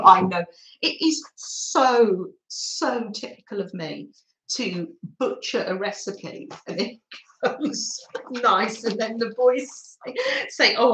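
A woman vlogger chatting casually on a live stream, giggling often and talking warmly to viewers and her dogs. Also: fairly high pitch, echoey room, rough recording. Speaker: craft vlogger. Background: pet dogs nearby.

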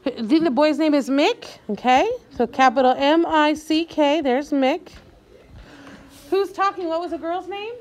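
A high-voiced woman teaching young children to read. She speaks slowly and clearly, stretching out words so the children can follow, with a patient classroom manner. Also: darkish tone, a little hiss or hum. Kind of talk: reading lesson for young children.

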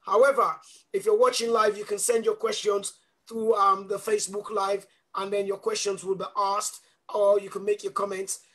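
A man's voice: high-pitched, flat delivery, moderate pace, fairly bright tone. A man hosting a live online talk show, chatty, with fillers and self-corrections as he asks questions. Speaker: host.

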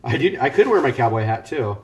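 A live-streaming home cook talks briskly in a medium-pitched voice with big pitch swings, cooking in his own kitchen on a headset mic. He jokes and rambles in casual chat with his viewers.

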